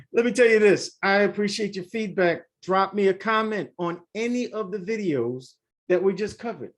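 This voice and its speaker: Animated man reviewing trades. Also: high voice. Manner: animated, repeats himself, talks straight to viewers. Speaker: forex trading channel host. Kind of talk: casual screen-share market review.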